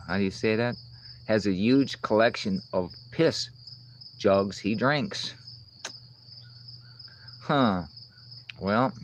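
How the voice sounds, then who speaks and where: A man's voice: fairly low pitch, slight background noise, low-quality recording. A man hosting a casual livestream outdoors, rambling and cursing as he answers chat comments. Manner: rambling, profane, talks back to chat comments. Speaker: livestream host reading chat. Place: outdoors among insects.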